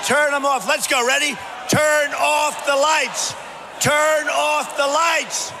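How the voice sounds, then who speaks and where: An older man, a politician speaking at rallies and events, blunt and brash, often shouting and repeating short phrases. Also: extremely high pitch, steady tone, takes it slowly, vocal fry, crowd noise, noisy background. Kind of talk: speech and rally clips.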